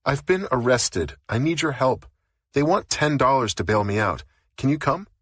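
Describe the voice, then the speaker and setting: A man's voice: medium pitch, lively intonation, moderate pace, fairly bright tone, breathy edge, no room sound, clean studio sound, voice pushed up. A man voicing a frightened, injured young woman who pleads urgently for help in an audiobook. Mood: pleading.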